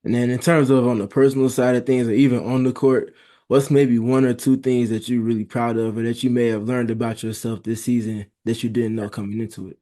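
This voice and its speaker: Friendly guy reporter asking a player questions, mellow tone, easygoing with uhs. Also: mid-range voice, level tone, fairly quick. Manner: friendly, casual, hesitant fillers. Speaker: sports reporter. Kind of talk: press conference question.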